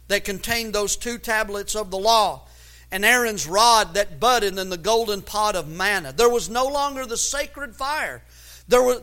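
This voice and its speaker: A man preaching a sermon as pastor, building to loud emphatic runs and often repeating words as he searches for the next phrase. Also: sits high.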